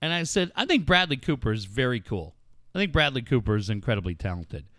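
A man's voice: mid-range voice, fast talker, no echo, clean studio sound. A man hosting a sports talk show, telling stories in a casual, profane way. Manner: animated, profane storytelling. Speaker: sports radio host.

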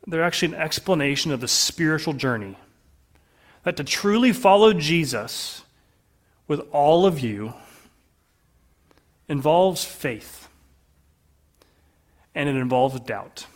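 A man preaching a sermon to his congregation in an earnest way, often dropping to a soft, low voice for emphasis. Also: animated, slow pace, pauses often. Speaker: pastor.

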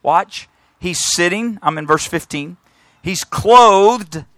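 A man preaching a sermon, retelling a scripture story in lively everyday speech and often repeating his words. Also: sits high, takes it slowly, no room sound.

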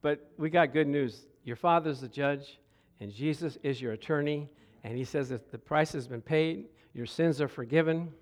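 Middle-aged male pastor, animated sermon storyteller, slightly high voice, repeats words when excited. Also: moderate pace. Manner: animated, stammering repeats, bursts of laughter.

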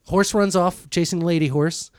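A man hosting a casual comedic podcast, telling a long rambling story in an animated way. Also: high voice, normal speed, clean tone, dry recording, studio quality.

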